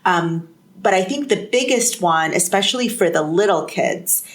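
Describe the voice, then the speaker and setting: A woman's voice: fairly low pitch, expressive, normal speed. A woman school librarian, a guest on a podcast, talking casually and chattily with light laughs. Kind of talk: podcast conversation.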